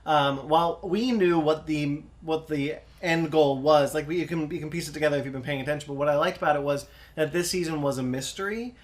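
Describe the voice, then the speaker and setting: A man's voice: a little high, a little fast, few pauses. A man co-hosting a podcast, chatting casually about a TV season and repeating words as he thinks. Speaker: podcast co-host. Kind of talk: casual review chat.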